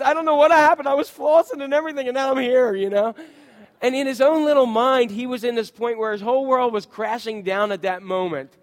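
A man's voice: high voice, big-room sound. A male pastor in his thirties preaching a sermon in a church, conversational and anecdotal, acting out quotes as he tells stories. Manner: conversational, storytelling with voiced quotes.

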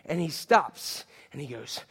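Guy preaching a sermon, high voice, big echoey hall, goes loud then real quiet. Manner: dynamic preaching, swinging from loud emphatic to hushed. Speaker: pastor.

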